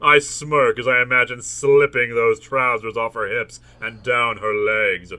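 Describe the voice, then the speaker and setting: A man's voice: medium pitch, fairly even intonation, a little slow, bright, forceful tone. A man hosting a comedic reading of a novel, reading passages aloud in a mock-dramatic way and breaking off for jokey asides. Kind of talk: comedic book reading with commentary.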